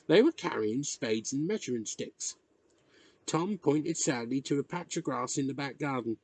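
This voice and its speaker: A man reading a novel chapter aloud in measured, expressive narration. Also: medium pitch, dry recording. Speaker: reader. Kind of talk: audiobook narration.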